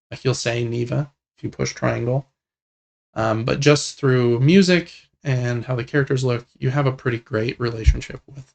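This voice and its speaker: A man co-hosting a gaming podcast, chatting casually in a relaxed, rambling way with lots of fillers. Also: medium pitch, vocal fry. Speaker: podcast co-host. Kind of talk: casual chat about video games.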